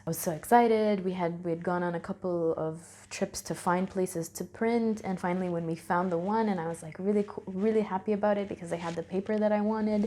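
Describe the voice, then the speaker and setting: A woman's voice: medium pitch, dark tone. A young adult woman talking casually to camera in a vlog, candid and rambling, correcting herself and laughing often. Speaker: vlogger. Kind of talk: casual reflective talk to camera.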